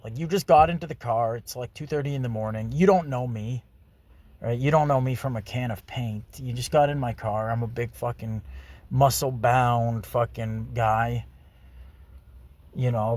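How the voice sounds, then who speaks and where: A man's voice: mid-range voice, darkish tone, dry recording. A man telling a crude story in a profane, rambling, self-mocking way. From Canada. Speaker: podcast host.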